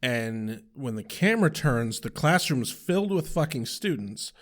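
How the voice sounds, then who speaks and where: A man's voice: medium pitch, lively intonation, a little slow. A man co-hosting a casual podcast, loose and profane while recapping scenes. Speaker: podcast co-host. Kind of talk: casual chat.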